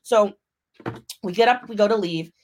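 A woman hosting her own podcast and telling a story in a casual way, animated and laughing as she acts out what people said. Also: mid-range voice, normal speed. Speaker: podcast host.

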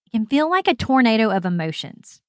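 A woman's voice: fairly high pitch, very animated, brisk, no room sound, studio quality. A woman, hosting a podcast and telling a self-deprecating personal story straight to her listeners. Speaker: podcast host.

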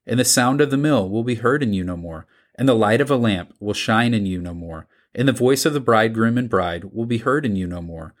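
A man with a somewhat low voice reads scripture aloud. His delivery is measured and deliberate, and he pauses between the items of each list. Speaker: scripture reader.

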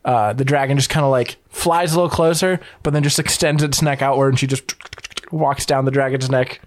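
A man's voice: medium pitch, fairly even intonation, a little fast, a little hiss or hum. A man narrating as game master of a tabletop game in a loose, casual way. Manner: loose, filler-heavy narration.

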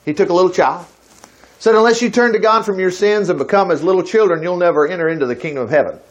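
A man's voice: sits high, fast. An older man teaching from the Bible in a conversational way, reading verses aloud and breaking into emphatic bursts. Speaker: preacher.

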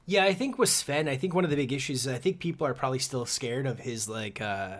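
A man's voice: mid-range voice, fast. A man co-hosting a casual sports podcast, chatty, with many fillers and restarts. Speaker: podcast co-host.

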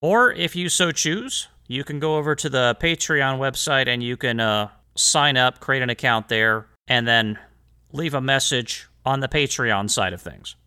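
A chatty man hosts a solo podcast with a bright, forward voice. He drifts into wry asides between readings. His pitch sits in the middle range for a man. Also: a little slow, clean tone. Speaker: podcast host. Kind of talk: solo podcast talk reading historical letters aloud.

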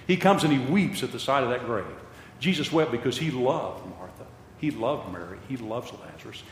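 A man's voice: mid-range voice, lively intonation, normal speed, slight background noise. Older male preacher in an echoey hall. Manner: impassioned, repeats phrases for emphasis. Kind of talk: sermon. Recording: echoey hall with long reverb.

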